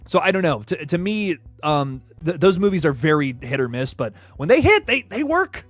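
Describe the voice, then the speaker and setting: A man's voice: fairly high pitch, big pitch swings, normal speed, no room sound, faint music behind. A young man hosting a casual horror news livestream who swears freely, laughs often and reads chat aloud.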